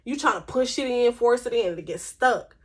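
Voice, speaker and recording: Speaking to camera in a laid-back vlog, this woman has a slightly high, animated voice and a brisk pace. Her manner is frank and forceful, conversational and sprinkled with slang.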